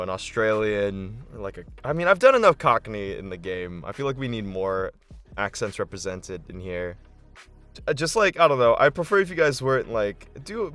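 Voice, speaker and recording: A man game master on a casual live stream, excitable and thinking aloud with lots of fillers. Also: on the low side.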